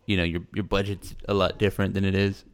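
Deep, gravelly-voiced man chatting on a podcast. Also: level tone, quick pace. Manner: rambling, loose and self-mocking, with playful put-on quotes. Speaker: podcast co-host. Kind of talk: casual chat.

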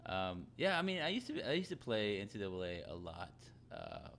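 Man, young adult, host, casual chat, rambling, fillers, gravelly, lively pitch. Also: fairly quick. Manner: rambling, many fillers and restarts.

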